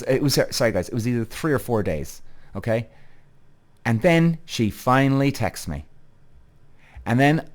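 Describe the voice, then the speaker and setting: A man's voice: mid-range voice, a little mellow. Fired-up man ranting on a podcast. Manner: heated, swearing, repeats himself, addresses listeners as guys. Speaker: podcast host. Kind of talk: animated solo podcast rant.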